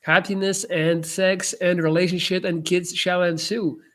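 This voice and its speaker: Male streamer, slightly raised pitch, blunt coach-style talk answering chat. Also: level tone, a little slow, fairly bright tone. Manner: blunt, swears freely, emphatic. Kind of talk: casual live-stream chat.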